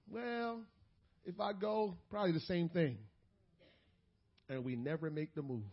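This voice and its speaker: A man with a very high, husky voice preaches a sermon. He slips from low, joking asides into shouted, rising peaks. The recording is dull and muffled. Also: unhurried, pauses often. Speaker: pastor.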